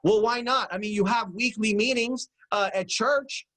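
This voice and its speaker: In a low-quality recording, a middle-aged business coach delivers a motivational teaching talk at normal speed. His voice is high-pitched and fairly bright, and he's emphatic and repetitive, frequently checking in with listeners.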